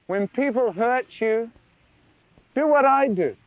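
A man preaching a sermon in an animated, wondering way, often asking his listeners questions. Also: very high-pitched, takes it slowly, dry recording. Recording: dry tinny phone-like archive recording.

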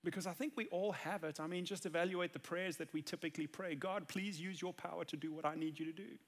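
A man's voice: fairly high pitch, steady tone, quick pace. A man preaching a sermon, earnest and conversational, building to emphatic peaks. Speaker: pastor.

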